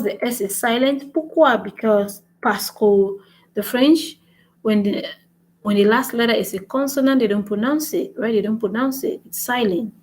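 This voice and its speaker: A woman's voice: on the high side, low-quality recording. Bilingual woman teaching casually. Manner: switches between French and English, repeats herself, keeps asking "right?". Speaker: language-learning channel host. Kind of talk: casual language lesson vlog.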